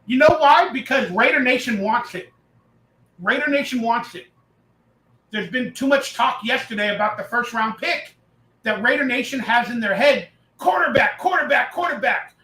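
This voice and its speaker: A man hosting a casual live reaction stream, talking loudly and excitably, reading and answering chat messages as he goes. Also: very high voice, echoey room, poor audio. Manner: loud, excitable, reads chat aloud.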